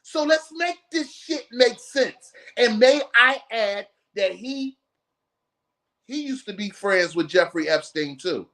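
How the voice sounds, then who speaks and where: A man's voice: high-pitched, expressive, slow pace, sharp tone. A man hosting a live podcast stream, ranting bluntly and profanely in heated commentary. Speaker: podcast host.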